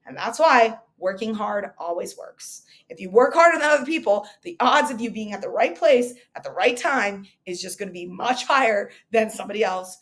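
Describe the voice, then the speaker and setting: A woman in her thirties giving a recruitment coach's motivational market update, energetic and emphatic, driving her points home with repeated rhetorical questions. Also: mid-range voice.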